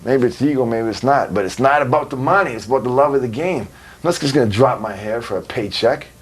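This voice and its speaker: With slight background noise behind him, a wrestler in his thirties speaks quickly in a medium-pitched voice as an interview guest. His profane, candid storytelling is blunt and animated, peppered with swearing and laughter.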